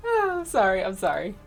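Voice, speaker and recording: A woman playing a tabletop game, giggly and teasing. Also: a little high. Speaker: player. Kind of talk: casual tabletop play.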